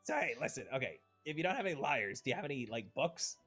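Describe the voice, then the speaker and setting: A man's voice: a little high, sing-song, fast, fairly bright tone, soft background music. A man narrating as game master for a tabletop game, playfully voicing the characters.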